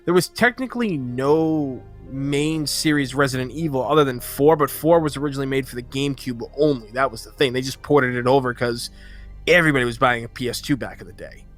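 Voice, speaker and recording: Over soft background music, a male podcast co-host rambles through his points in casual conversation, full of fillers and restarts. He speaks briskly in a medium-pitched voice.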